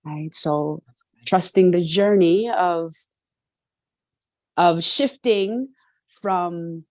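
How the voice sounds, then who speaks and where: An earnest middle-aged woman from New York City tells her story as a guest, her voice sitting a little low. She keeps checking in with a quick "right?". The sound is dry and close over a video call. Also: darkish tone, dry recording. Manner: earnest, often adds "right?". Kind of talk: reflective personal storytelling.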